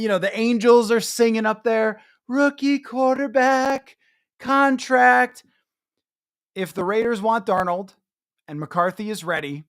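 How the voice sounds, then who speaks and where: A man's voice: high-pitched, fairly bright tone. A man hosting a solo sports podcast, giving chatty, emphatic commentary with self-mocking asides. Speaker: podcast host.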